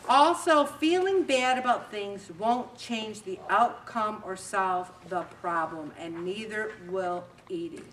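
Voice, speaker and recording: A woman hosting a faith talk show, giving a motivational talk in an animated, self-mocking way and acting out little scenes. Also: mid-range voice, slow, hardly any pauses, slight background noise. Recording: roomy echo, distant mic.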